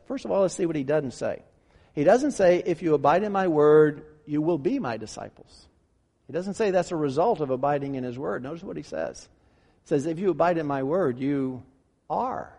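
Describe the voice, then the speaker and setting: A man's voice: high voice, darkish tone. Emphatic male preacher in a reverberant hall. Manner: emphatic preaching, repeats key phrases and asks rhetorical questions. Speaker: pastor. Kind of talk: sermon.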